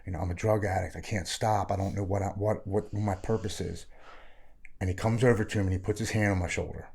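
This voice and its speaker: A man's voice: deep voice, steady tone, quick pace, gravelly, a little mellow, husky. A man, frankly telling his own recovery story as a podcast guest. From Maryland. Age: 40s. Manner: earnest, frank, plain-spoken. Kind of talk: candid personal storytelling.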